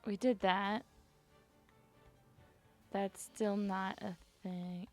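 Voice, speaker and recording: A woman chatting to herself while she plays a video game, rambling and giggly, her voice climbing high when she gets nervous. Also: level tone, extremely slow, darkish tone, faint music behind. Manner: rambling self-talk, giggly. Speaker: streamer. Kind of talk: casual gameplay commentary.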